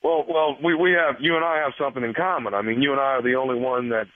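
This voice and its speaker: A man's voice: mid-range voice, fairly even intonation, fast, dry recording. A man making a prank phone call, hesitant and sly, stammering over his words. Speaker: radio prank caller. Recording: tinny phone line.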